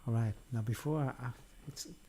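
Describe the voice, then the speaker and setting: A man's voice: mid-range voice, mellow, slight background noise. A man giving an unrehearsed, rambling solo talk at home into a desk microphone, joking around and stopping and restarting his sentences. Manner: rambling, jokey, halting restarts. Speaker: solo vlogger and musician. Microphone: desk microphone with headphones.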